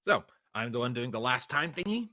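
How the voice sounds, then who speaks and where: Lively, joking man at a game table. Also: medium pitch, a little fast, dry recording, clean studio sound. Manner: jokey and playful. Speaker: player. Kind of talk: casual banter at a tabletop game.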